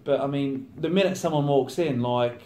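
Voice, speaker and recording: Man, 30, professional footballer, relaxed interview talk, mid-pitched, echoey room sound. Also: normal speed. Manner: chatty, acts out teammates' banter. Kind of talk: casual interview chat. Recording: roomy echo.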